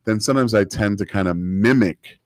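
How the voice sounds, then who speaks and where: A man's voice: lowish voice, a little fast, a little mellow, dry recording. A man chatting casually as a guest, upbeat and jokey, talking up local events. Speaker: chamber of commerce guest. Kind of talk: casual chat.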